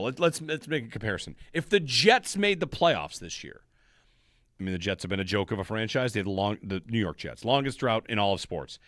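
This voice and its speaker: A male radio host talking sports from a studio mic in a dry, close sound. His pitch is mid-range but bounces around a lot as he works through his points. He talks in a conversational, analytical way. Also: fairly bright tone, no room sound. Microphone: studio microphone.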